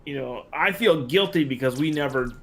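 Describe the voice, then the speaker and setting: A man's voice: a little high, animated, normal speed, fairly bright tone. Man, co-host, casual chat, blunt, filler-heavy. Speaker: podcast co-host.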